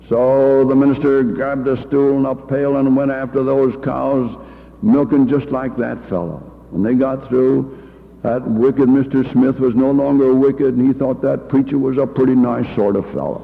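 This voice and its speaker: Older man telling folksy stories, gravelly. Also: medium pitch, moderate pace. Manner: anecdotal, homespun, fillers. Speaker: church education leader. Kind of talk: folksy storytelling talk. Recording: tinny old reel-to-reel in a hall.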